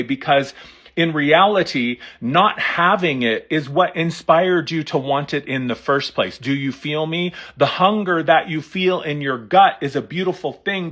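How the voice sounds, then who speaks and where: A man's voice: fairly high pitch, a bit bright. A man giving a live tarot reading in an earnest, encouraging coaching tone, speaking straight to his listeners. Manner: speaks directly to listeners, reads out viewer comments. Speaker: tarot reader.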